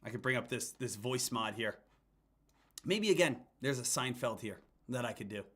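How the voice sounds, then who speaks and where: A young man hosting a live stock-trading stream, energetic, talking straight to his viewers. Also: mid-range voice, moderate pace, slightly rough. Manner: energetic, addresses viewers as traders. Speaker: host, stock trader. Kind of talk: live-stream market talk.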